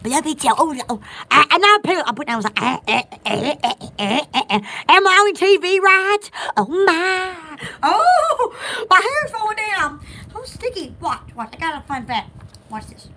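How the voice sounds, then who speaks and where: A woman's voice: extremely high pitch, sing-song, normal speed, sharp tone. A woman hosting a live online sale, chatting casually and giggling often. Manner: giggly and playful. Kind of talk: casual livestream chat.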